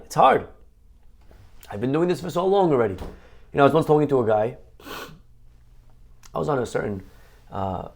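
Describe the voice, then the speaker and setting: A man, a rabbi, giving an animated sermon and acting out other people's voices. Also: fairly high pitch, creaky. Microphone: online class mic.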